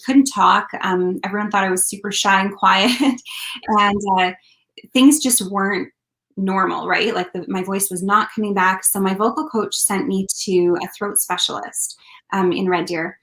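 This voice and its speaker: A woman, a country singer, recounts her experience in an earnest, heartfelt way. Her speech is loose and conversational, with frequent ums and uhs as she talks, and her pitch sits in a middle range. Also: a bit bright. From Canada. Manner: earnest, heartfelt, many fillers. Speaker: country singer, interview guest. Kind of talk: casual interview storytelling.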